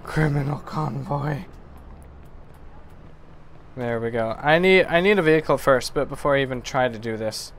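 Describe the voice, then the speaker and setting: A man streaming a video game live, chatting with viewers and reacting excitedly and goofily to the play. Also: medium pitch, fast, few pauses, a little hiss or hum. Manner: excitable, goofy, talks to chat. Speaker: gaming streamer. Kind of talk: live gameplay commentary.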